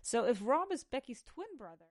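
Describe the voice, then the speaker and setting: A woman's voice: a little high, very animated. Spanish-accented woman teaching English. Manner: asks a numbered question, then answers it slowly in full sentences. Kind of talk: podcast lesson, quiz questions and answers.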